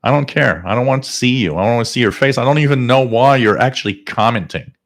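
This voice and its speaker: A man hosting a live radio-hobby stream, ranting emphatically and rising toward near shouting. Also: mid-range voice, quick pace. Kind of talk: live-stream talk and rant.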